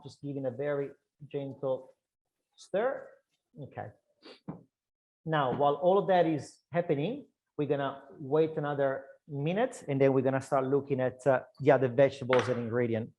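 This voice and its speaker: A man with an Italian accent, a chef chatting his way through an online cooking class, loose and talkative with frequent restarts. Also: on the high side. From Italy. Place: kitchen.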